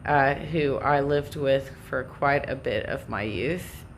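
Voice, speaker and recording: A woman with a Californian accent chats at an unhurried pace to her live stream viewers. Her voice sits low, and she rambles, restarts and laughs off her own sentences as she goes. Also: slight background noise. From Southern California. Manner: rambling, self-interrupting, laughs often. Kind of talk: casual monologue.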